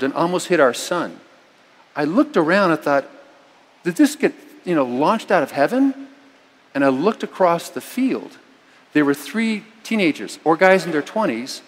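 A middle-aged man preaching a sermon, telling a personal story with sudden loud, emphatic lines. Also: on the high side. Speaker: pastor. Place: church. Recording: long reverb of a church hall.

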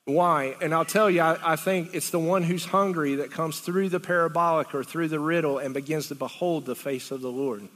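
Male preacher, high bright voice, chatty rambling sermon with rhetorical questions, reverb of a big hall. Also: steady tone, normal speed, few pauses.

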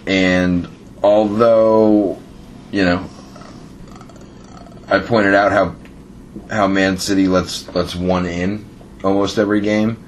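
A man's voice: sits low, slight background noise. A man hosting a casual sports podcast, joking and talking over his co-hosts. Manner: joking, lively, talks over others. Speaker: podcast host.

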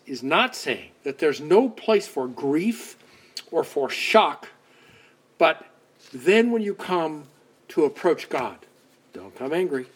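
Man preaching with dramatic soft-loud swings. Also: fairly high pitch. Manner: conversational, dramatic swings between loud outbursts and soft asides. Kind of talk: sermon.

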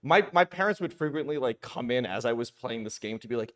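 A young man chatting on a podcast, telling self-mocking stories in an animated way. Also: mid-range voice, quick pace, few pauses. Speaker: comedian guest. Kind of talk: casual podcast chat. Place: podcast studio room.

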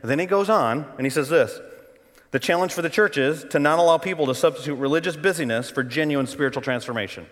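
A middle-aged male pastor preaching a sermon, telling the story dramatically and shifting between loud bursts and hushed, quiet passages. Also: fairly high pitch, fast. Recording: long hall reverb.

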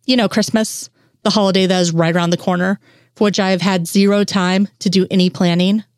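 A woman's voice: medium pitch, fairly even intonation, a little fast, smooth, no room sound, natural voice. A woman voicing a tired, dry-witted female agent who talks in a weary, wry way.

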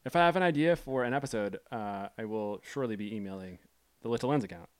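A man's voice: lowish voice, fast, clean tone. A man co-hosting a casual film podcast, tossing out dry wisecracks. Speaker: podcast co-host.

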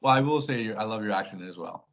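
A man's voice: fairly low pitch, lively intonation, fast talker, a bit bright. A man co-hosting a podcast, teasing in a casual chat. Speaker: podcast co-host.

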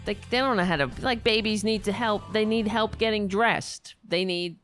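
A woman's voice: mid-range voice, moderate pace, faint music behind. A woman hosting a livestream, talking casually about politics in a blunt, profane and sarcastic way. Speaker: livestream host.

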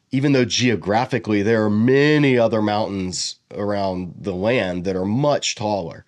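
A man giving a casual verse-by-verse Bible lesson, slowly sounding out Hebrew words and explaining them in a relaxed, conversational way. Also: fairly low pitch. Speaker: Bible teacher.

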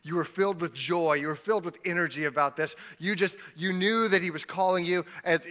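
A man preaching a sermon, retelling a story with lively voices for its people and dropping quiet for personal appeals. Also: high-pitched, a little fast, hardly any pauses. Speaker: pastor.

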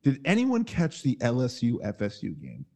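A man hosting a casual podcast chat over a video call, telling an excitable story. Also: mid-range voice, moderate pace. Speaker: podcast host.

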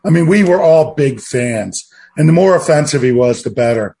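A man's voice: fairly high pitch, expressive, moderate pace, vocal fry, warm tone. A man in a casual chat, talking in a rambling, reflective way. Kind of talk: casual chat about movies.

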